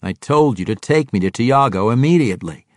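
A man voicing a calm, suave male dark-elf double agent with a cool, measured delivery, in an audiobook. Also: mid-range voice, no echo, clean studio sound, natural voice. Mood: composed. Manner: cool, measured, self-assured.

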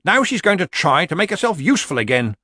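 A man voicing a gloomy, sardonic village woman who speaks darkly and deadpan. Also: high-pitched, quick pace, no echo, clean studio sound, pitched above the performer's own voice, heavily acted. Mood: dour. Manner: dark, deadpan.

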